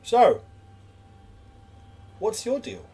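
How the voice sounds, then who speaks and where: A man's voice: high voice, huge pitch swings, extremely slow, mellow, voice pushed up, exaggerated voice. A man voicing an odd, theatrical café patron who is overly courteous and shows exaggerated disgust. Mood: smug.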